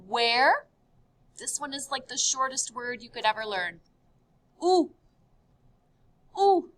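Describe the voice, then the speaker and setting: Slow, lively woman teaching a class. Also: sits high. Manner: upbeat, drills words with sharp rising repeats. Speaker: French teacher. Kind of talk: recorded classroom lesson.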